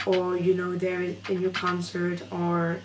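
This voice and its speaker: A woman's voice: lowish voice, monotone, measured pace. A woman who is not a native English speaker, talking in an emotional, hesitant vlog from her room at night, full of fillers and restarts. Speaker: fan vlogger. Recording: echoey room, noisy background.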